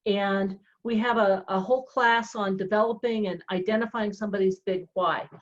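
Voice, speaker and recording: A woman real estate coach explaining a coaching method in an animated, chatty way. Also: medium pitch, moderate pace. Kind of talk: coaching talk on a podcast. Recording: dull lo-fi sound.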